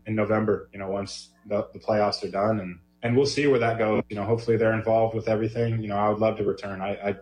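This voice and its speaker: A man, a professional baseball player, speaking haltingly and emotionally in an interview clip, full of restarts and "you know". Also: on the low side, a little mellow. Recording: roomy clip with faint background noise.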